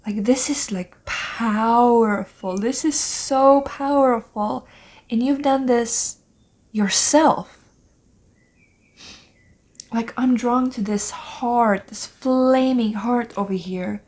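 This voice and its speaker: Slow, soft-spoken woman tarot reader. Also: fairly high pitch. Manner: soft and halting, often breathy whispers, full of "like" and "um"; moved to tears, emotional. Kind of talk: spiritual pick-a-card reading.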